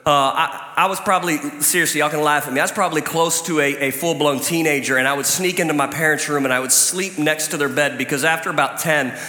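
Male pastor, high and bright, chatty joking sermon from the stage, recorded in an echoey church hall. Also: fast, hardly any pauses. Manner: lively, conversational, joking storytelling. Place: church stage before a congregation.

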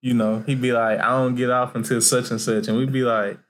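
A man's voice: mid-range voice, little pitch movement, brisk, fairly bright tone, a little hiss or hum. A man, co-hosting a podcast in a laid-back casual chat. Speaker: podcast co-host.

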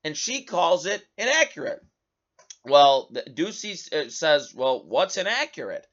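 A man's voice: a little high, measured pace, muffled recording. A man hosting a political talk show, giving heated commentary and reading news headlines aloud. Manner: animated, indignant, reads headlines aloud.

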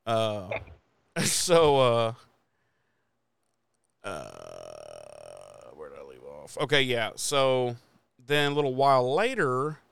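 A man talks through a TV episode recap in a loose, rambling way, dropping swear words constantly and breaking into laughs. His voice is smooth and clear, recorded dry and close with no room sound. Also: mid-range voice, huge pitch swings, slow pace, pauses often, fairly bright tone, no echo. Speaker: podcast host recapping episodes. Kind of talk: casual profane recap chat.

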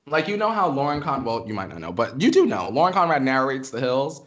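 Woman co-host, sassy and emphatic, lively up-and-down delivery. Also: very deep voice, fast, muffled recording. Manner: sassy, emphatic, says "girl" a lot. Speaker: podcast co-host. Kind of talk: casual chat.

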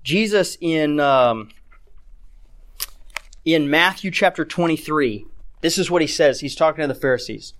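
A man's voice: on the high side, expressive, unhurried, long pauses, fairly bright tone. A man preaching a sermon in a conversational way, often checking in with "right?" and reading scripture aloud with rising emphasis. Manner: conversational, keeps asking "right?". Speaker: pastor.

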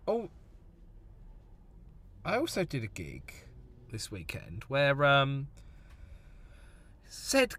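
A man's voice: medium pitch, wildly swooping pitch, very slow, long pauses, bright, forceful tone, husky. A young man, a comedian, chatting casually on a podcast about gigs, with frequent ums. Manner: chatty, hesitant fillers, laughs at anecdotes. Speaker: stand-up comedian and podcast co-host.

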